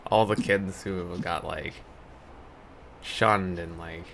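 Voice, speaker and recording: A man's voice: deep voice, fairly even intonation, slow, a crowd in the background. A man in a casual chat, talking hesitantly and trailing off. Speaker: podcast co-host.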